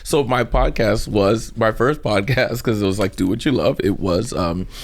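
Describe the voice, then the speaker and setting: Animated male comedian from Trinidad. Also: on the low side, moderate pace. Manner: animated storyteller, laughs often, breaks into mock voices. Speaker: comedian guest. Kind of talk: casual interview chat.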